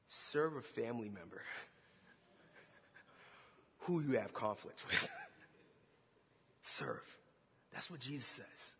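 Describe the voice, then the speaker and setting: A man preaching a sermon, telling a story with animated energy and shouting at its peaks. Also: fairly high pitch, unhurried, long pauses, slightly rough. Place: church hall. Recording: long hall reverb.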